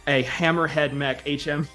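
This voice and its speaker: Bright-voiced man running a tabletop game. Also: fairly high pitch, slow pace, soft background music. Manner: vivid, with many fillers. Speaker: game master.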